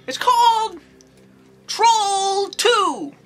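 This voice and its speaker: Woman playing a shrill rambling old nun. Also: drawn-out words, soft background music, full character voice, low-quality recording. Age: older. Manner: rambling, exclamatory, folksy. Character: eccentric creepy old nun, rambling horror reviewer. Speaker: movie reviewer. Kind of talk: comedic character monologue.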